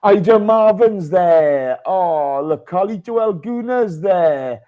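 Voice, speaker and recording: A man's voice: high voice, expressive, slow pace, phone-quality sound. A man hosting a casual live podcast, chatting and greeting listeners by name. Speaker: podcast host.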